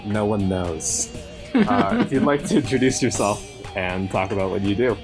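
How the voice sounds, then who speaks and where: A man with a low voice hosts a casual podcast, introducing his guest with a dry, deadpan wit. Guitar music sits clearly under his voice. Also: normal speed. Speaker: podcast host.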